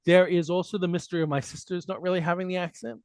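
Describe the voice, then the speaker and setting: Man, australian-american midwest accent, fairly high voice, dry close sound, animated casual storyteller. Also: fast, smooth, dry recording. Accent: Australian mixed with American Midwest. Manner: animated storytelling with repeated restarts. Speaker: guest. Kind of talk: casual conversation.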